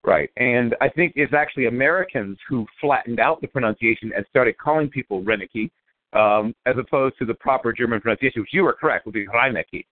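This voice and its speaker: A man's voice: mid-range voice, fast, few pauses. A male radio host interviewing football prospects, asking long, winding questions that restart often. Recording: phone-line call.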